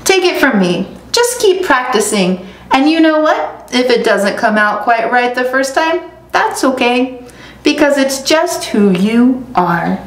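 A woman's voice: high voice, big pitch swings, a little slow. A woman reading a storybook aloud and voicing an earnest, hopeful young male rooster. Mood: encouraging. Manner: earnest, pleading storybook delivery. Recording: echoey room, faint noise.

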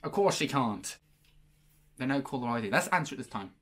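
A man hosting a prank-call video, chatting casually and excitably between calls. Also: medium pitch. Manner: excitable, exclamatory, quick to laugh. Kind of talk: casual vlog chat.

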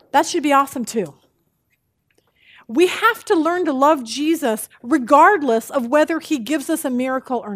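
High-voiced woman teaching Bible study. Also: no echo, clean studio sound. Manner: animated, expressive, tells jokes.

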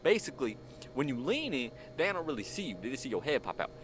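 A man's voice: medium pitch, big pitch swings, quick pace, fairly bright tone, slight background noise. A man doing horror game commentary, jumpy and panicky, pleading with and talking back to the monster chasing him. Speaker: gaming channel host. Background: game music.

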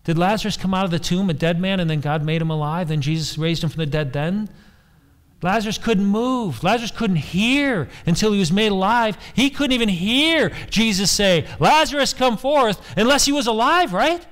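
A man's voice: high-pitched, animated, normal speed, a bit bright. A man preaching a sermon as pastor, emphatic, repeating key phrases and putting questions to the congregation.

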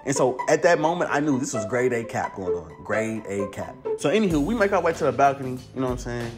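A young man telling a story in a casual, slangy, animated way, acting out the voices himself. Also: mid-range voice, fast, hardly any pauses. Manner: animated, slangy, acts out every voice. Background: music.

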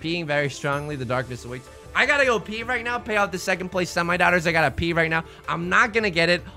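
A young man riffs loosely through a casual livestream, bouncing his pitch up and down as he jokes. His tone is bright and forceful, a little high for a man. He circles back and restarts sentences, dropping swears along the way. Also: animated, fast talker, creaky, soft background music. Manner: rambling, jokey, restarts phrases, swears. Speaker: streamer.

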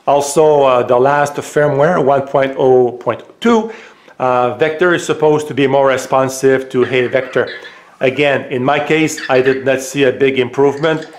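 A man with a French accent, casually demonstrating a gadget at home, hesitant with many filler pauses. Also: medium pitch, fairly even intonation, reverberant. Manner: raises voice for voice commands. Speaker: tech reviewer. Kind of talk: casual product demo. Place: home room.

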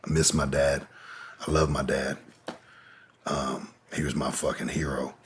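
A man's voice: a bass voice, flat delivery, a little slow, slight background noise. A man as an interview guest, telling a personal story in a candid, profane way with many fillers. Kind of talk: casual storytelling.

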